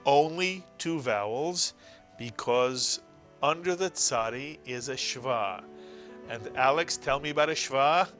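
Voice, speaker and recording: A man's voice: mid-range voice, fairly bright tone, faint music behind. Patient man teaching a language lesson. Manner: patient, explains slowly, repeats key words. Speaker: Hebrew teacher. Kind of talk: classroom-style language lesson.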